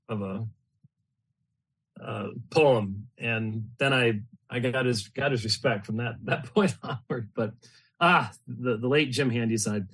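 A man's voice: mid-range voice, a bit bright, breathy edge. A middle-aged man hosting a show, talking in loose, rambling reflections full of fillers and restarts, often breaking into laughter. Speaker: host. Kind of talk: casual spoken reflections.

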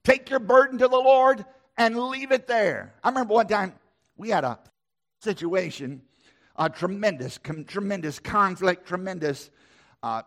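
A man's voice: sits high, moderate pace, fairly bright tone. A middle-aged man preaching a sermon, emphatic and repetitive, with a preacher's cadence. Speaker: pastor.

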